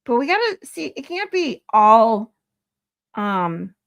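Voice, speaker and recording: A woman's voice: on the high side, big pitch swings, slow pace, vocal fry, a bit bright. A woman streaming live, chatting casually with viewers, laughing often and swearing loosely. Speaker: live streamer reading chat.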